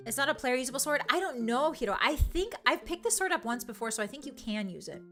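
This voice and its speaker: A woman's voice: sits high, lively intonation, fast, fairly bright tone, faint music behind. A young woman streaming live, chatting casually and reading her chat, playful, giggly and teasing. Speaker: virtual streamer.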